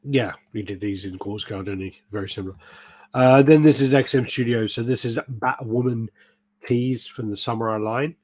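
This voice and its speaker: A man's voice: medium pitch, fairly even intonation, normal speed, darkish tone, dry recording. A British man hosting a podcast, telling stories in casual chat, swearing and acting out quotes. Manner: swearing storyteller, acts out quotes. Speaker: podcast host.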